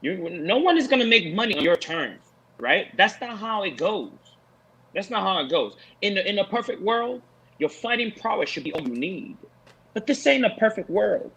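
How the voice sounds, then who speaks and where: A man talking in an animated post-fight show discussion, preachy and emphatic, repeating his points for effect. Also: sits high, moderate pace, breathy edge, low-quality recording. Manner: preachy, emphatic, repeats lines for effect, mocks with put-on voices.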